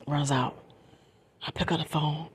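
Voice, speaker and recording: A woman telling a true story in a whispered storytime, moving between soft whispers and her normal voice and repeating phrases for emphasis. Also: low-pitched, fairly even intonation, unhurried, slightly rough.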